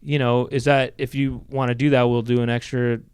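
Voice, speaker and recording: A man in his forties hosting a comedy podcast, talking in a rambling, halting way with many fillers. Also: medium pitch, flat delivery, clear, resonant tone, no echo. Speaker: podcast host. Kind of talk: casual chat.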